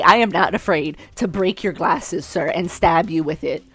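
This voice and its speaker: A young woman streamer reading a dating game aloud, breaking in with brash, profane and loud reactions. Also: low-pitched, brisk, hardly any pauses, breathy edge.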